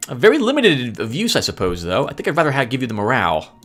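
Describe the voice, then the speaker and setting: A man's voice: medium pitch, huge pitch swings, fast, a bit bright, faint music behind. A man giving chatty gameplay commentary as host, laughing often and sounding sheepishly apologetic. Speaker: let's play host.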